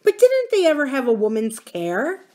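A woman's voice: high-pitched, huge pitch swings, moderate pace, dark tone, voice pushed up. A woman voicing a prim, authoritative middle-aged society lady who is easily shocked.

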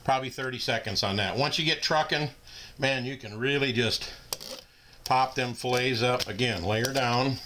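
A man gives a casual hands-on demonstration in a folksy, down-home way. His voice sits at an ordinary middle pitch. Loud mechanical clatter runs under the recording. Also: normal speed, background noise. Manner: folksy, down-home talk while working. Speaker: host demonstrating fish cleaning.

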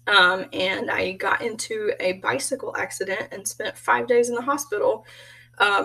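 A woman's voice: mid-range voice, gravelly, fairly bright tone, breathy edge, distant mic, low-quality recording. A woman giving a casual self-introduction as a graduate student, telling stories in a chatty way and laughing often.

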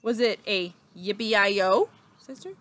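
A woman voicing a timid younger sister who pleads and frets in a soft, high voice. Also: slow pace.

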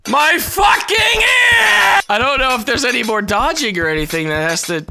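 A man giving let's-play commentary, excitable, yelling, swearing and laughing as he plays. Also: high voice. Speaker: gaming YouTuber. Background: game music.

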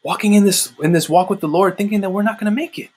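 A man delivers a livestreamed sermon into his laptop. His voice sits a bit high and sounds husky. He preaches fervently and conversationally, circling back to the same refrains again and again. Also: quick pace, a little mellow. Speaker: street-style online preacher.

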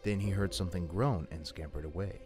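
A man narrating a scary story in a hushed, suspenseful way. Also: sits low, brisk. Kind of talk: scripted spooky storytelling. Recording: music under the narration.

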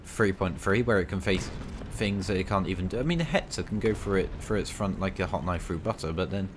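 A man giving excitable, casual commentary over a tank game, bantering at enemies with mock outrage. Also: sits low, fairly quick, noisy background. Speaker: gaming video creator.

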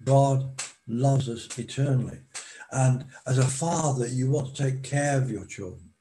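Slow and deliberate, a preacher lets pauses carry his sermon, his medium-pitched voice warm and mellow. Slight background noise comes through on the poor-quality audio.

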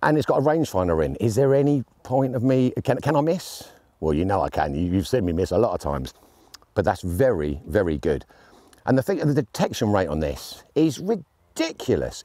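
Lively, mellow-voiced chatty man. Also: fairly low pitch, no room sound. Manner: chatty, jokey and enthusiastic. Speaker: airgun gear reviewer. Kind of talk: casual gear review. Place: outdoors on shooting land.

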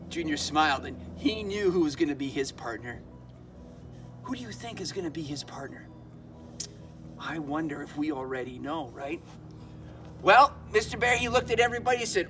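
Animated man telling a kids' story. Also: sits high, normal speed, faint music behind. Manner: animated, asks the kids questions. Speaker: children's ministry host. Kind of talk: storytelling to children.

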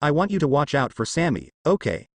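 A man voicing a weary, regretful father who speaks in halting, apologetic phrases. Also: on the high side, very animated, dry recording.

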